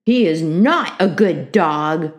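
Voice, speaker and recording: A woman's voice: sits high, big pitch swings, reverberant, pitched above the performer's own voice. A woman voicing a defiant four-year-old girl who drags her words out in a sing-song whine. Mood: sulky. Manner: slow, drawn-out, sing-song chanting.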